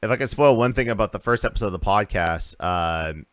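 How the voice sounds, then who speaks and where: A man's voice: on the low side, lively intonation, fairly quick, fairly bright tone, no echo, studio quality. A man hosting a casual gaming podcast, rambling through news with lots of uhs and restarts. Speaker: podcast host.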